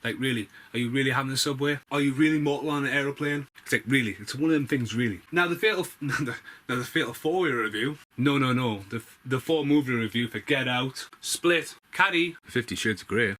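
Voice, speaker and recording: A man's voice: mid-range voice, fairly quick, fairly bright tone. A man telling a story to camera in a sarcastic, sweary monologue full of asides. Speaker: vlogger.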